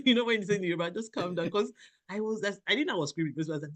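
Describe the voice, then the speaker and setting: A woman from Nigeria, a doctor in her thirties, telling a personal story as a podcast guest, animated, often laughing and quoting herself. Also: medium pitch, very fast. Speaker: guest, general practitioner.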